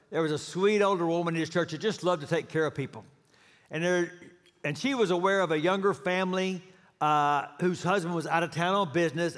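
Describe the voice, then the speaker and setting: A man preaching a sermon in a high-pitched voice, weaving in a humorous story. The sound carries the long reverb of a large worship hall. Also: fairly bright tone. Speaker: pastor.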